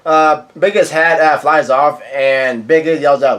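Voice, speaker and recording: A man with a slightly high voice reads comic panels aloud in an offhand way. He quotes characters flatly, trips over words and corrects himself. Now and then he breaks off to react in surprise. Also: measured pace, hardly any pauses. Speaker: manga reaction reader. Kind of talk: casual reading and reacting.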